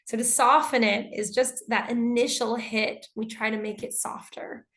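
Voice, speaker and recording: A woman's voice: on the high side, steady tone, moderate pace. Woman teaching an online English class. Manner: reads student answers aloud and comments warmly on them.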